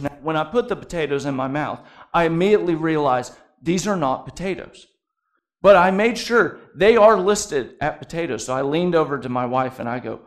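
Man preaching in a relaxed, joking way. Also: on the high side. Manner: conversational preaching with humorous asides. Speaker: pastor. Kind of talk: sermon.

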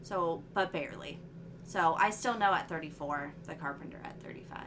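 A woman co-hosting a casual podcast, animated and quick to laugh. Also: sits low, noisy background. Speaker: podcast co-host. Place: apartment room with friends.

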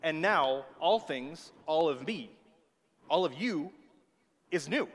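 A man's voice: a little high, expressive, slow, a bit bright. A man preaching a sermon with emphatic delivery, often checking in with his listeners. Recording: long hall reverb.

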